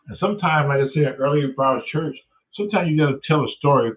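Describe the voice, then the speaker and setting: Cussing dude retelling bible stuff street style, tinny phone sound, a bit off mic. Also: male voice, fairly high pitch, fast, recorded from a distance. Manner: swears constantly, acts out characters in voices. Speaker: host.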